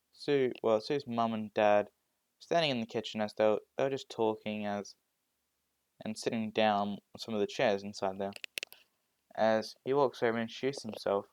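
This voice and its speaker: Halting, slow male storyteller. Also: lowish voice, fairly even intonation, darkish tone, clean tone, dry recording. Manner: halting, many fillers and restarts. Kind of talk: improvised fan fiction narration.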